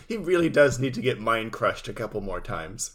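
A man's voice: mid-range voice, very animated, moderate pace. A man co-hosting a casual recap chat with dry, wry commentary. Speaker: podcast co-host.

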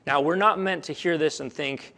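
This sermon comes from a middle-aged male pastor whose creaky voice sits fairly high, moving at a normal speed. He narrates like a storyteller, rising to forceful highs and easing down gently, frequently echoing his own words while working through his thoughts.

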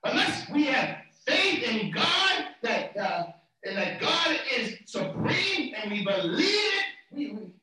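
Male preacher, high and animated, fervent delivery with repeated words; far-off mic, very roomy echo. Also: slow pace. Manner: fervent preaching that swings from soft talk to shouts; repeats words and phrases for emphasis. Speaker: pastor. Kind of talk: sermon.

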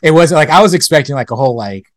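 A man's voice: a little high, animated, rapid-fire, no echo. A young man co-hosting a casual gaming podcast, talking in a loose, rambling way full of "like". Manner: loose and rambling, heavy use of "like". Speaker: podcast co-host.

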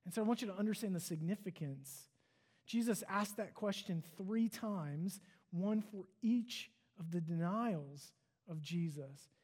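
High-voiced man preaching conversationally. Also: measured pace, darkish tone. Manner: earnest, conversational storytelling with fillers. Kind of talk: sermon.

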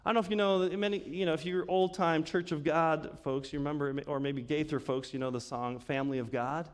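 Pastor, male, high voice, easygoing sermon delivery with questions to the congregation, church hall with long reverb. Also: fairly even intonation, fairly quick. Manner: conversational, asks the congregation questions, laughs often. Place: church sanctuary.

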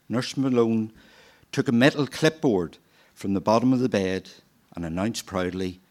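A man telling a true story from his own life at a live storytelling event, in a measured, reflective way, voicing the people in it as he goes. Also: on the low side, darkish tone.

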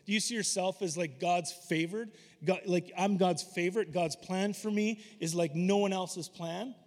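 A man preaching a sermon, animated and emphatic, slipping into voices when he retells scripture. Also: sits high, moderate pace. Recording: long hall reverb.

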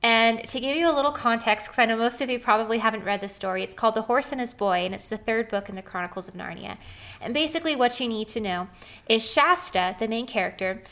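A woman in her thirties telling a personal story on a podcast, earnest and animated, often laughing as she talks. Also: fairly high pitch, fast.

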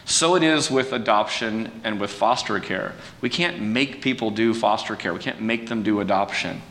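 A man preaching in a relaxed, conversational way, folksy and self-deprecating, with restarts and fillers. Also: normal speed. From California. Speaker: pastor. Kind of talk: conversational sermon talk. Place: church sanctuary. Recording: distant mic with long hall reverb and faint rumble.

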